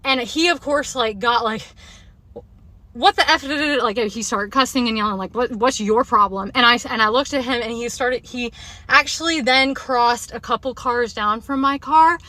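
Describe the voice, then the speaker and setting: Shaken woman ranting, bright voice. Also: a little high, moderate pace, no room sound. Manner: agitated, insistent, repeats her points. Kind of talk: selfie rant video.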